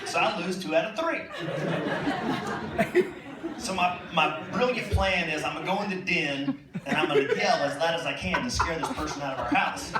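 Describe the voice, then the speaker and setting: A man doing a stand-up comedy set, telling self-mocking stories in an animated way. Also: on the high side, normal speed, a crowd in the background. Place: comedy stage. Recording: echoey room from far off, loud noise.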